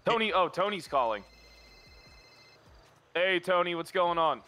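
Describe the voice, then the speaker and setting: A man's voice: high-pitched, lively intonation, a little slow, sharp tone. A man talking in character in a role-play game, emphatic and incredulous.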